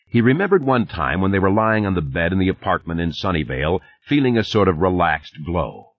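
A man narrates an audiobook in a very deep, husky voice, reading in a measured but lively way. The pitch moves widely, and the sound is dull and lo-fi, as from an old cassette tape. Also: no room sound. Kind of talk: scripted narration.

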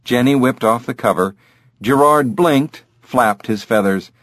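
A man reading scripted audiobook narration in a measured, even way. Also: mid-range voice, dry recording, clean studio sound.

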